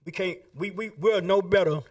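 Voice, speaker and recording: A man's voice: high-pitched, moderate pace, far from the mic. A man making an impassioned public statement, asking pleading rhetorical questions.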